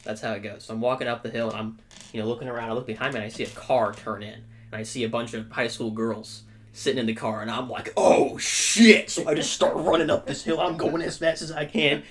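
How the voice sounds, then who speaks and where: A young man co-hosting a podcast, telling a story in a casual, animated way with frequent check-ins to his listener. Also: medium pitch, quick pace, crowd noise. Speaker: podcast co-host.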